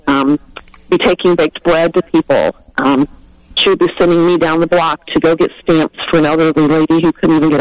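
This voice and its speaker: Halting, heartfelt middle-aged woman caller. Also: sits low, dry recording, low-quality recording. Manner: heartfelt, halting, many ums. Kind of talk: call-in radio testimony.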